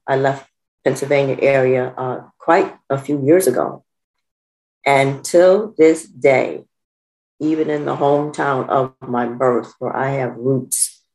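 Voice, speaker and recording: A church member speaks up to the pastor during an online service, sharing a personal testimony. The delivery is slow and earnest, with an even, middle pitch and some hesitant fillers. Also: low-quality recording. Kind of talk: testimony on a video call.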